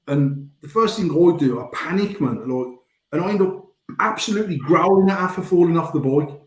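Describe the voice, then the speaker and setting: A man's voice: a little high, expressive, moderate pace, roomy sound, poor audio. A British man in his forties telling rambling stories in casual banter, swearing freely. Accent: British English. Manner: rambling storytelling, frequent swearing. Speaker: podcast host.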